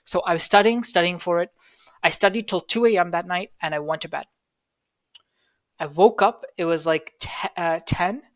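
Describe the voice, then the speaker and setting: A man's voice: sits high, moderate pace, dry recording. Young man telling a rambling story. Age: young adult. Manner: rambling, lots of fillers and restarts. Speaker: podcast co-host. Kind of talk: casual storytelling chat. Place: home, recorded online. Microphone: online call.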